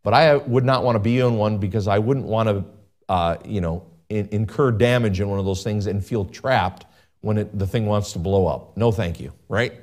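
A man preaching a sermon as a pastor, emphatic, with big pitch swings and repeated phrases. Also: moderate pace, a little mellow.

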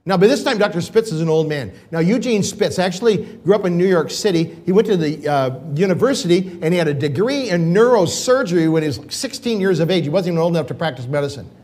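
A man's voice: sits high, expressive, fast talker, hardly any pauses, darkish tone. An older man, a pastor, telling an emotional personal story in a sermon, rambling with restarts.

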